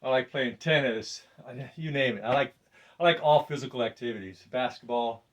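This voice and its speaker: An older man casually demonstrating a weight workout, loose and chatty, laughing often and breathing deeply between sets. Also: normal speed, recorded from a distance. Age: 60s. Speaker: fitness presenter. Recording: voice from off the mic.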